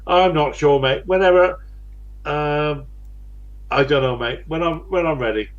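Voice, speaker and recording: A man's voice: fairly high pitch, a little slow, dull audio. A man in his late sixties with a West Country English accent, hosting a casual chat in a blunt, chatty way and chuckling often. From England. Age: 60s. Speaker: host.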